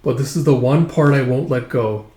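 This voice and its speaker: A man's voice: mid-range voice, moderate pace, dark tone, close to an everyday voice. A man voicing a weary, dying woman who speaks in a subdued, melancholy way, close to his own voice. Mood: tender. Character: weary adult woman, dying, resigned and tender. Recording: roomy echo.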